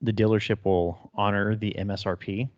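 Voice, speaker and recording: A man's voice: fairly low pitch, fairly even intonation, moderate pace, a little mellow, no room sound, dull audio. Blunt, profane man in his thirties. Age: 30s. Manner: blunt, profane, swears freely. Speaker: podcast co-host. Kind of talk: casual chat.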